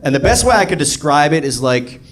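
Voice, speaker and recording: A man doing a sardonic stand-up set, building to loud rants. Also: on the high side, very animated, fairly quick. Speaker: stand-up comedian. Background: laughing audience.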